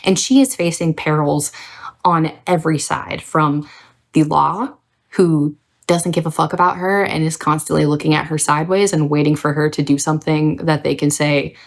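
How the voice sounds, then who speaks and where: A woman's voice: low voice, moderate pace. A young adult woman hosting a casual book review video, ranting with plenty of swearing. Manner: ranting, profane, animated.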